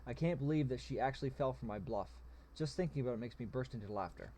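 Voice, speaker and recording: A man's voice: mid-range voice, fast, mellow, a little hiss or hum, lightly acted. A man voicing a mischievous woman companion with a teasing manner. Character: mischievous woman companion who loves pranks.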